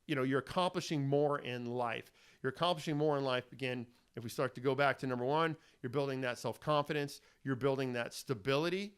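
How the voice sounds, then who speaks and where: A man's voice: fairly high pitch, fairly bright tone, smooth. A middle-aged man hosting a self-help talk, speaking in an earnest, rambling, fatherly way. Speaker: host. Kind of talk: casual self-help monologue.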